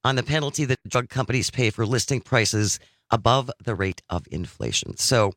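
Bright-voiced male talk radio host. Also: medium pitch, moderate pace, no room sound, clean studio sound. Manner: reads news items, then chats. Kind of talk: radio talk show discussion.

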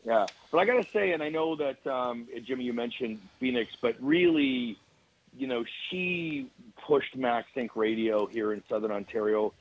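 A man with a Canadian accent, a guest radio host talking earnestly in casual chat, with halting restarts. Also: mid-range voice, highs cut off.

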